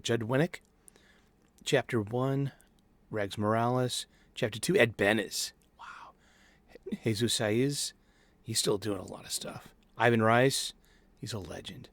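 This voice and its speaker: A man's voice: medium pitch, dry recording. A middle-aged man hosting a casual solo chat, rambling with many restarts and fillers. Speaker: host. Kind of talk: casual solo chat about comic books. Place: home studio.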